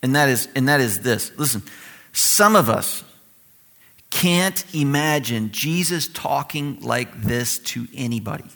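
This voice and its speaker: A man preaching a sermon in a conversational, animated way, acting out the voices he quotes. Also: medium pitch, a little slow, gravelly. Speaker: pastor.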